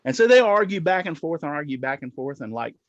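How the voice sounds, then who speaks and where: A man's voice: a little high, very animated, quick pace, dry recording. Older male host, easygoing folksy joke teller on a muffled, dry live stream. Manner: folksy, chuckling storyteller. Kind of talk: casual livestream chat and joke telling. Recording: dull, dry lo-fi stream audio.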